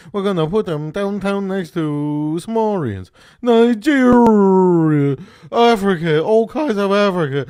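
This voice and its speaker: A man doing a parody voiceover of a woman city politician, speaking in a halting, rambling way with pauses. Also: sits high, a little mellow, no room sound, clean studio sound. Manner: halting, rambling, listing groups.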